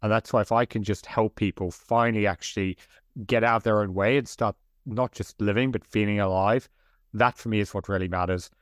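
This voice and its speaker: A male coach and author with a lowish voice talks earnestly about mindset, peppering his speech with "like." His voice is recorded close and dry. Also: fairly even intonation, a little fast, no room sound. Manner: earnest, motivational, frequent "like". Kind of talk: podcast interview.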